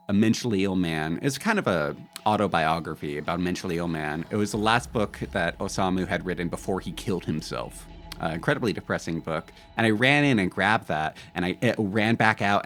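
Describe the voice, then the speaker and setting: Deep-voiced laid-back male streamer. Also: fairly bright tone. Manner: rambling, laid-back, with frequent fillers and laughs. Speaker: game streamer. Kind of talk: casual live-stream chat and storytelling.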